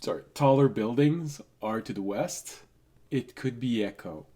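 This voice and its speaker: A man with a sick voice runs a tabletop game as game master, speaking at a slow, measured pace. His pitch sits in an ordinary middle range. He breaks into easy laughter often between stretches of narration. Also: warm tone.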